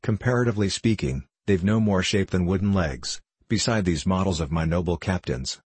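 A man voicing a blind male cellar host who fawns and flatters with mock-grand speech, in a low husky voice. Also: normal speed, no room sound. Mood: fawning flattery. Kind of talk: audiobook character reading.

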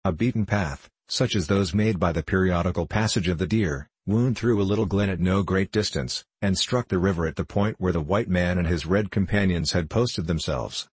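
Male audiobook narrator, steady measured read; low, husky, dry close sound. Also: no echo. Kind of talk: scripted narration.

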